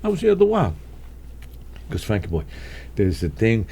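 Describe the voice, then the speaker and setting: Older New man, lively storytelling. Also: lowish voice, normal speed, vocal fry, noisy background. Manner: animated, acts out voices in his anecdotes, chuckles often. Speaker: guest storyteller. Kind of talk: casual storytelling.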